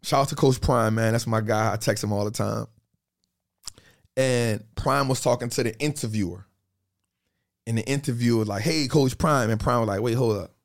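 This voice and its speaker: A man in a casual podcast chat, telling stories in an animated, slangy way and repeating phrases for emphasis. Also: on the low side, normal speed, pauses often.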